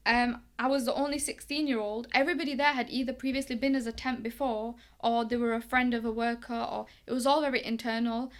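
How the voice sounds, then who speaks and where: A woman's voice: fairly high pitch, a little fast, hardly any pauses. A young woman from England, telling stories in a casual interview and acting out the dialogue. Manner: chatty, lively, acts out quoted dialogue. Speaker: guest, boxing coach.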